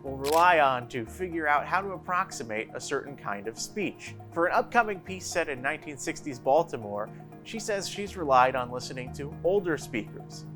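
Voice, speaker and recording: A man's voice: fairly high pitch, lively intonation, moderate pace, music in the background. A man from New Jersey narrating a scripted news feature as reporter, with a playful delivery.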